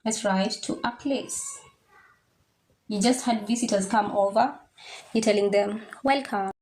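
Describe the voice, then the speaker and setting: A young woman teaching French, patiently repeating words slowly and checking that the class follows. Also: mid-range voice, steady tone, darkish tone. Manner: patient, drills pronunciation slowly, checks understanding. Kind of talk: online language lesson.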